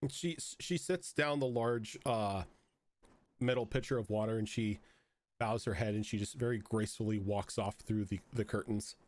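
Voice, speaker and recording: A man's voice: fairly low pitch, normal speed. A man narrating as game master of a tabletop game, rambling with frequent fillers.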